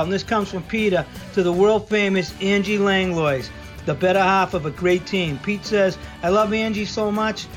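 A man's voice: high-pitched, lightly acted. A man doing a comic Boston-accented sports-fan character on a radio show, rambling and folksy, boastful about his hometown teams. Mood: cheerful. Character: brash Boston sports-fan guy, middle-aged man.

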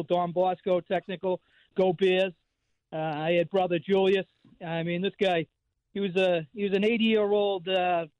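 A man's voice: high voice, dry recording, narrow, tinny audio. A man in his fifties with a Boston accent, calling in to a radio show and rambling through stories with lots of fillers and restarts. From Boston area. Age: 50s. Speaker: regular call-in guest. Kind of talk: casual radio chat.

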